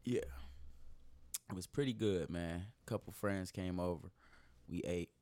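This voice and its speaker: A man's voice: low-pitched, a little slow, mellow, no room sound. A man hosting a casual podcast, laid-back and swearing freely as he tells stories. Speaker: podcast host.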